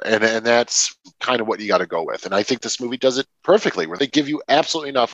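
A man's voice: mid-range voice, fairly bright tone, no echo, rough recording. A man co-hosting a movie podcast, talking casually and emphatically, with some swearing. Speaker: podcast co-host. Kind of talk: casual movie review chat.

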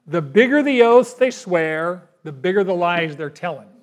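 A male pastor delivering a sermon. He talks in a folksy, conversational way, and his voice sits fairly high. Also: lively intonation, normal speed, dull audio. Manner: folksy, conversational preaching with acted asides.

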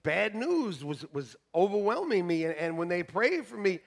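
High-voiced pastor swinging between hush and shout. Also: male voice, big pitch swings, moderate pace, creaky. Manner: swings from quiet asides to shouted emphasis, joking with the congregation. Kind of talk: sermon. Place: church sanctuary.

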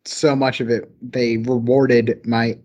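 A man's voice: mid-range voice, level tone, slow pace, darkish tone, dull audio. A young man in his twenties with a Southern American accent, an engineer and podcast guest, telling stories eagerly and enthusiastically. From rural American South. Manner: eager, enthusiastic, rambling storyteller. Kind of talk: casual podcast chat.

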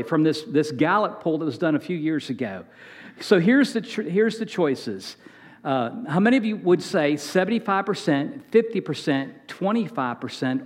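A middle-aged man preaching a sermon as a guest speaker, talking in a conversational way, often repeating words and polling the audience. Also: fairly high pitch.

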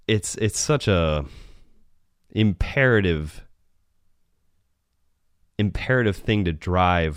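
A man's voice: low voice, clean tone, no echo, clean studio sound. A man hosting a solo podcast, talking in a rambling, profane way and often correcting himself. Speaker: podcast host.

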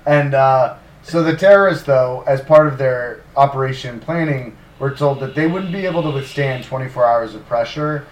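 A man's voice: medium pitch, normal speed, hardly any pauses. Man telling a story casually, roomy sound. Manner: animated, swearing, many fillers and sarcastic asides. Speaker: podcast co-host narrating history. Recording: roomy, distant mic.

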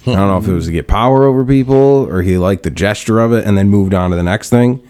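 A man's voice: fairly low pitch, fast talker, a little mellow. A young man hosting a casual podcast chat, telling stories with lots of swearing, laughter and acted-out quotes. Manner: swears a lot, laughs often, acts out quotes in storytelling. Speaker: podcast host.

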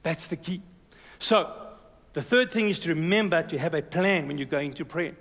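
A man preaching a sermon as a pastor, energetic and exhorting, calling "amen" to the congregation. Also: on the high side, normal speed. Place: church hall. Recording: reverberant church hall.

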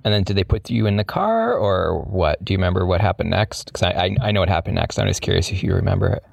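A man's voice: deep voice, expressive, fast, gravelly, no echo. A middle-aged man telling a story in a casual chat, rambling and self-mocking with lots of fillers.

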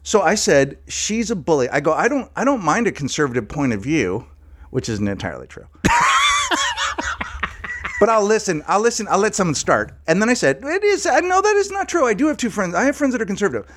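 A man co-hosting a loose comedy chat, spinning stories full of profanity and bursts of laughter. His voice sits a touch high and swings widely in pitch, rising and falling with every punchline. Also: fairly quick. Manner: profane, animated storytelling with frequent laughs. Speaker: podcast co-host.

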